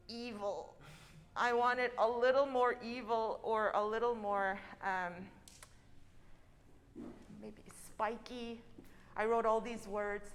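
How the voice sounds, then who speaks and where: A young adult woman coaching a piano student in a masterclass, encouraging and singing out rhythms with syllables. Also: fairly high pitch. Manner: encouraging, sings out rhythms with syllables, restarts phrases. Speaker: piano teacher leading a masterclass. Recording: long hall reverb with piano.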